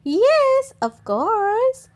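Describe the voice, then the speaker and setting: A woman's voice: very high voice, sing-song, extremely slow, voice pushed up, exaggerated voice. A woman voicing a kind, doting old grandmother pig in a storybook read-aloud. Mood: fond.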